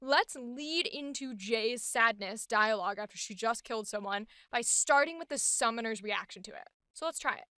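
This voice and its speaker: A young adult woman hosting a casual voice acting vlog, talking in an animated, enthusiastic way. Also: fairly high pitch, moderate pace, few pauses, clean tone, dry recording, studio quality. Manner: animated, enthusiastic, filler-heavy talk. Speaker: voice actor and host.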